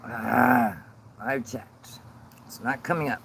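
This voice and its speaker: A man chats on a phone livestream outdoors, rambling and stopping often as he works out the settings. His voice sits a bit high and moves slowly. Passing cars and outdoor hum stay clearly audible under it. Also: expressive, rough recording. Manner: rambling, halting, fumbling with the phone. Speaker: channel host on sobriety. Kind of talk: casual livestream chat. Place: outdoors in a sunny yard. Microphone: phone held by the speaker. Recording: outdoor phone stream with road noise.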